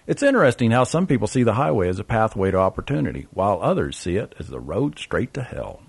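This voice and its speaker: Man, travel memoir narration, sardonic, wry, dry close sound, husky. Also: mid-range voice, no echo.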